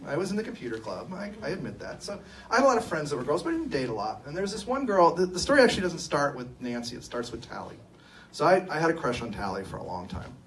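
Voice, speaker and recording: A man's voice: fairly high pitch, very animated, fast, slight background noise. A middle-aged man from California, co-owner of an engineering firm, telling personal stories with self-deprecating humor in a conference talk. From Sacramento, California. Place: event room at a live talk. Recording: distant mic, faint room ambience.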